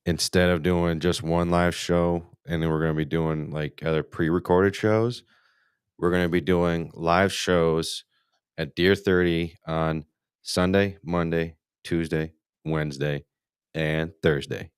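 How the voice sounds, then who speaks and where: This low, level-toned voice is a little slow, clear and resonant, recorded dry at studio quality. It belongs to a man from the United States hosting a live hunting podcast in a casual style, full of rambling, profanity, and frequent restarts.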